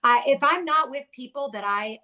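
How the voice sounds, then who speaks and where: A woman's voice: sits high, normal speed, pushed and bright. A woman guest in her thirties or forties telling her own story in a blunt, heated way, swearing often. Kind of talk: candid conversational storytelling.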